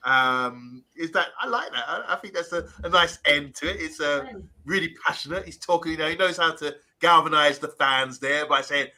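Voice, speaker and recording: A man's voice: on the high side, moderate pace, pushed and bright. A man hosting a live fan show, chatting and reading viewer comments aloud with energy. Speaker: podcast host.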